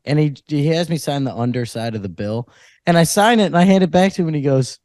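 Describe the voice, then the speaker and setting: A man's voice: medium pitch, a little fast, no echo, studio quality. A man co-hosting a comedy podcast, telling stories with lots of laughs. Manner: laughs often, animated storytelling. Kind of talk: casual chat.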